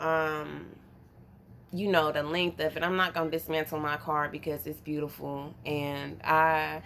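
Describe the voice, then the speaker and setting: A woman from North Carolina, telling a story to her vlog viewers in a casual, animated, profane way, calling them y'all. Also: sits low, slight background noise. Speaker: vlogger.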